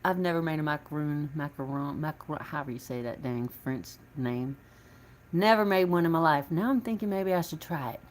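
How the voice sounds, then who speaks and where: A woman's voice: deep voice, a little fast, a little hiss or hum. A woman, chatting casually on a livestream from her home kitchen, laughing often. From Southeastern Virginia. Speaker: vlogger.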